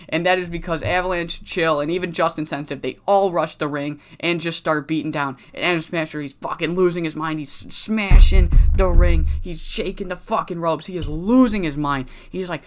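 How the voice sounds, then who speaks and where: Excitable, profane game commentator. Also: mid-range voice, moderate pace, few pauses. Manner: excitable, profane, laughs often. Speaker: gaming video host.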